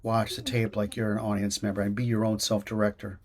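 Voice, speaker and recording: A man, an actor and acting teacher, giving casual interview answers over a video call, talking in an animated way with many restarts and fillers. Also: fairly low pitch, brisk.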